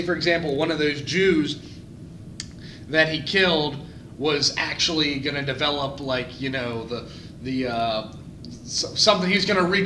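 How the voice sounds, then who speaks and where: A man's voice: on the high side, bright, forceful tone. A young man, co-host of a casual chat, rambling with crude jokes and frequent restarts. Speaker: podcast co-host. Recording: echoey room with background noise.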